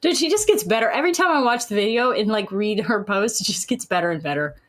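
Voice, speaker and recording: A woman's voice: mid-range voice, animated, fast talker, crowd noise. A woman giving opinionated commentary on a panel in a mocking, dismissive way. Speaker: social media commentator.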